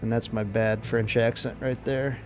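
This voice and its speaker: A man giving casual, excitable let's-play commentary, blurting out exclamations as he plays. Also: medium pitch, normal speed, soft background music. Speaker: gameplay commentator.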